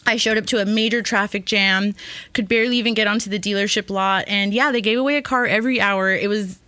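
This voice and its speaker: A woman's voice: medium pitch, steady tone, quick pace, pushed and bright, dry recording. A woman from California's Central Valley, a podcast guest chatting in an upbeat, chatty way. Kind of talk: casual podcast chat.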